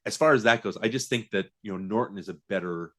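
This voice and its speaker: Man, low voice, podcast co-host, casual rambling movie chat, lots of fillers. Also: quick pace, pushed and bright. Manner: rambling, many fillers and restarts, laughs often.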